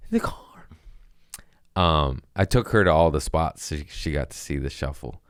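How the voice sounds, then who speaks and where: Deep, smooth-voiced male comedian. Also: wildly swooping pitch, slow, dry recording, studio quality. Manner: loose and profane, acting out quotes from his stories. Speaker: comedian hosting a podcast. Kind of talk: casual storytelling monologue.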